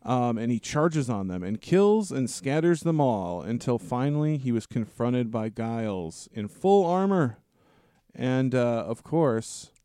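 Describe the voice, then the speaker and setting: Mellow, relaxed podcast co-host, a man. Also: medium pitch, a little slow, clear, resonant tone, no echo, studio quality. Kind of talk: casual chat.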